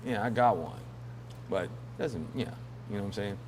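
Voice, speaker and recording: A man's voice: lowish voice, moderate pace, darkish tone, a little hiss or hum. A man hosting a casual news commentary show, rambling and joking with lots of fillers and laughs. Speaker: host.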